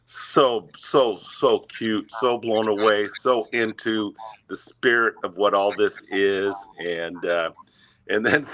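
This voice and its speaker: Male guest, casual storyteller, halting and chuckly, lowish voice. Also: a bit bright. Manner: halting, many fillers, chuckling. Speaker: guest, Santa performer.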